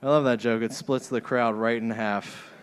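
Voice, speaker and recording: A man performs stand-up into a handheld mic on a club stage. His delivery is crude and rambling, at a middle pitch, and he keeps laughing at his own jokes as he goes. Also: steady tone, normal speed, clear, resonant tone. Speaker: stand-up comedian. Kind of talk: stand-up comedy set.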